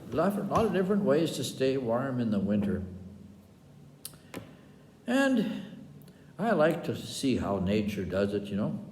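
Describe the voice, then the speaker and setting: A man's voice: medium pitch, darkish tone, a little hiss or hum. An older man from Wisconsin tells folksy stories for children, rambling along with chuckles and asides. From Wisconsin, USA. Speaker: storyteller. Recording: echoey room with long reverb.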